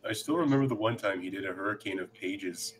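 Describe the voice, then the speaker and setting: A man's voice: lowish voice, fast, a little hiss or hum. A man playing a tabletop role-playing game, describing what his character does. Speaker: player. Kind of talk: tabletop role-play narration.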